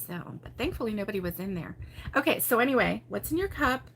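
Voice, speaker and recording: Bright-voiced chatty grandma host. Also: female voice, fairly high pitch, big pitch swings, fast talker, creaky, a little hiss or hum. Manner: chatty, laughing storyteller. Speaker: crochet channel host. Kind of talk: casual live chat with viewers.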